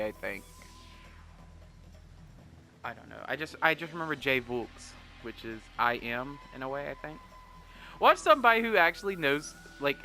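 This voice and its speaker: A man's voice: mid-range voice, sharp tone. A man hosting a video game let's play, rambling in a self-deprecating way and swearing freely. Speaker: gaming video host.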